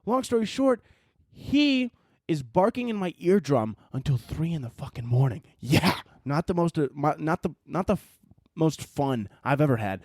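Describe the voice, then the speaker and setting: A man hosting a solo podcast, rambling and swearing through animated stories, short on sleep and wired. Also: a little high, normal speed, dry recording. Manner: rambling, profane, animated storytelling. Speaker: podcast host. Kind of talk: casual solo podcast monologue.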